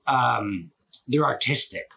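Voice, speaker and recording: A man's voice: mid-range voice, expressive, takes it slowly, bright, forceful tone, breathy edge. A man hosting a live stream, chatting casually and opinionatedly, with lots of filler words and swearing, into a phone. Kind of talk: casual rambling chat.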